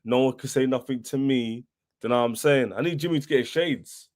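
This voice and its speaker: A man's voice: medium pitch, fairly quick. A young man hosting a football fan livestream, boastful and taunting, repeating himself as he rants. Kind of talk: livestream rant.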